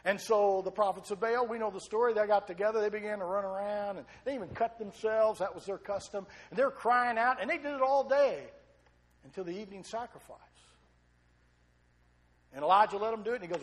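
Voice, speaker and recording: High-voiced preacher telling a story. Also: male voice, fairly quick. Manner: animated storytelling with repetition and audience questions. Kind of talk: sermon.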